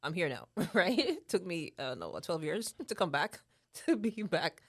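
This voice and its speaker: A woman in her thirties from Jamaica speaks as a guest in a casual talk, her Jamaican accent carrying an earnest tone, frequent laughter, repetition, and a habitual "right?". Her lowish, slightly rough voice swings widely in pitch at a normal speed. No room sound is present in this studio-quality recording.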